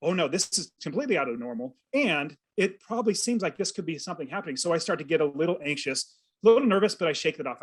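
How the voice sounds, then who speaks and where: A man in his thirties, a podcast guest, telling a personal story with earnest, animated feeling and acting out his own thoughts. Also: on the high side, breathy edge. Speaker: podcast guest, real estate investor. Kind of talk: storytelling in an interview.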